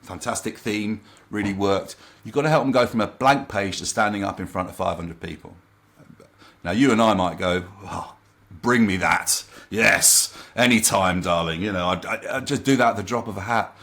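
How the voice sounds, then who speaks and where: A man with a fairly low voice tells a work story as a guest coach in a relaxed interview. He talks in a lively, anecdotal way and slips into other people's remarks as he goes. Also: fairly quick. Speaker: confidence coach and trainer.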